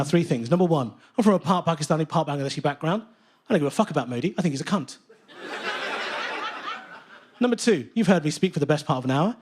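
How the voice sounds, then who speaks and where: Lively, high-voiced British stand-up comedian. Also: male voice. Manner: animated, profane, mock-indignant. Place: theatre stage with live audience.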